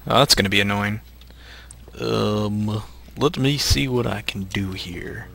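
Man, low gravelly voice, bright tone, casual gameplay chat, teasing, thinking aloud. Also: measured pace, slight background noise. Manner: teasing and joking, thinking aloud while playing. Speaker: host playing a co-op survival game.

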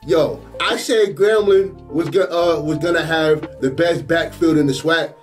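A man hosting a sports reaction video, exclaiming over football highlights in an excitable, slangy way. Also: measured pace, soft background music.

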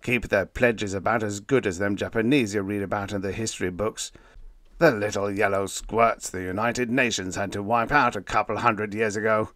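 A man voicing a stern, crusty old male spaceship captain with a gruff, growling delivery. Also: fairly low pitch, steady tone, normal speed, a bit bright, no echo, lightly acted.

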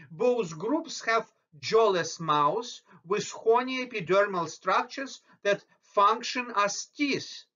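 High, bright-voiced male biology lecturer. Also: dull audio. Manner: explanatory, slow and deliberate on terms. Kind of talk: recorded lecture over slides.

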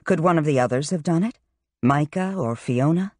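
A woman reading a fantasy novel aloud in steady, scripted narration. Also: deep voice, normal speed, no room sound, studio quality. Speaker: audiobook narrator.

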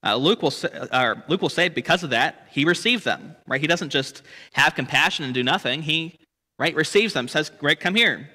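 A man's voice: fairly high pitch, lively intonation, moderate pace, bright, forceful tone, big-room sound. A man leading a church Bible study lesson, explaining the text and asking rhetorical questions with frequent "right?". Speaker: Bible teacher.

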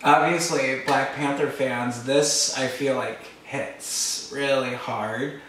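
A man's voice: mid-range voice, fairly even intonation, slow pace, few pauses, fairly bright tone, slight background noise. A man hosting a music reaction video, gushing and exclaiming with emotion as he reacts. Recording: echoey room from a distance with faint ambience.

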